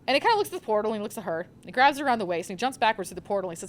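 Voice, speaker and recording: A woman's voice: mid-range voice, animated, rapid-fire, hardly any pauses. A young woman recommending manga on a live convention panel, gushing and rambling with lots of fillers.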